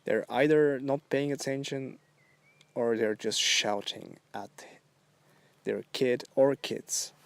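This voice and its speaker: In a solo podcast monologue, the host's mid-range voice has a gravelly, creaky edge, with no echo. His speech is very slow, rambling and halting, with phrases drawn out.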